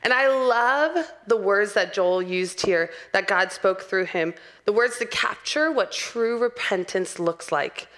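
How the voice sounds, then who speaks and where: A woman's voice: medium pitch, slow, few pauses, fairly bright tone. A young adult woman preaching a sermon in an earnest, personal way and laughing lightly now and then.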